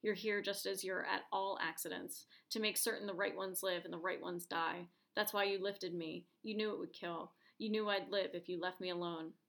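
An injured man, bitter and pleading, accuses the onlookers in a gravelly voice, as a woman reads his lines in a story. The delivery is steady, like a spoken inner monologue. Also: lowish voice, moderate pace, few pauses. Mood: accusing.

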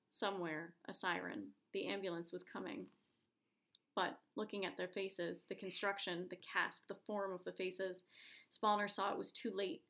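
Gravelly woman reading a story aloud. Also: medium pitch. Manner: steady, measured storytelling with quoted lines voiced. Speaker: narrator.

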